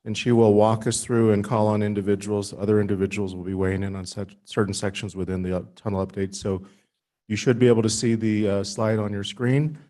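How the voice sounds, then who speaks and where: A man working as county manager, giving formal, measured meeting remarks with some fillers. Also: on the low side, flat delivery, mellow.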